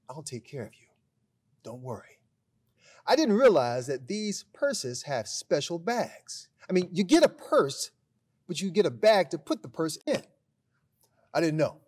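A man, a school principal, giving a recorded graduation speech, telling a humorous story with deadpan timing and then addressing the graduates with emphatic pride. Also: a little high, breathy edge. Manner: emphatic, builds to proud address.

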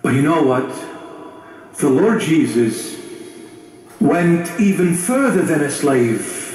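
A man preaching a sermon with emphatic phrasing, dramatic pauses and big swings in pitch. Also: a little mellow. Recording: very echoey, far from the mic, music behind.

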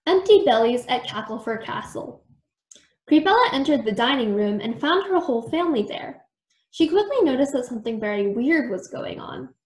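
A woman reading a children's book aloud with expressive storybook narration. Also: on the high side, normal speed, echoey room. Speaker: storytime reader.

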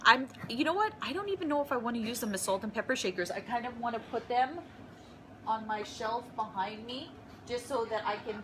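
A woman's voice: a little high, moderate pace, background noise. A woman filming a casual unboxing vlog in her apartment, gushing and emotional over each gift. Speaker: vlogger.

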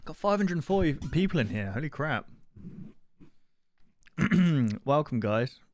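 A man's voice: on the high side, very animated, slow, a little mellow, dry recording. A man live-streaming a game, rambling and easily sidetracked, swearing often. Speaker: gaming streamer. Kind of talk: live-stream gameplay commentary.

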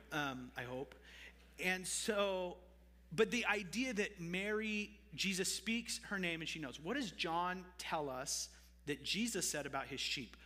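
Bright-voiced pastor preaching in a reverberant hall. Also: male voice, a little high. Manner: conversational, with asides to the congregation. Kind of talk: sermon. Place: church sanctuary.

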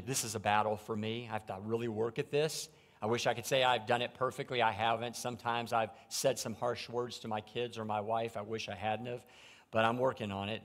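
A middle-aged man preaching a sermon from a church pulpit, shifting between quiet, reflective stretches and loud, emphatic preaching. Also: lowish voice. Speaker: pastor. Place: church sanctuary.

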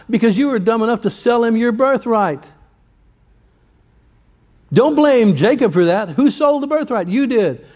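Pastor guy w a high voice preaching in church, folksy, lots of questions to the crowd. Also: a little mellow. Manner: folksy storytelling with rhetorical questions. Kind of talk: sermon.

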